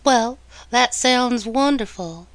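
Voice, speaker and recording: A woman's voice: on the high side, takes it slowly, no room sound. A woman playing a coy Southern gold digger. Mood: flirtatious. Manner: coy, sweetly flattering.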